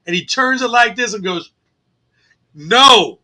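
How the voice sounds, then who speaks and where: A man co-hosts a sports talk radio show, his voice pitched high with a very bright, forward edge. He talks in loose banter but leans hard on each point, repeating it for weight. It sounds like a radio studio. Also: fairly quick. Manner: emphatic, repeats key points. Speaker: co-host of a sports radio podcast.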